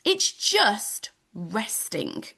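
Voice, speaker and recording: A woman's voice: medium pitch, huge pitch swings, extremely slow, vocal fry, bright, forceful tone, husky. A woman, teaching an online nature class for children over a video call in a bubbly, sing-song manner. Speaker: home education teacher.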